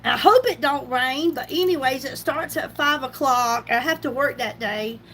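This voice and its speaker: On a relaxed makeup live chat, a middle-aged woman talks at normal speed in a high, fairly bright voice. She laughs frequently and welcomes viewers by name, and there's a little hiss or hum on the recording.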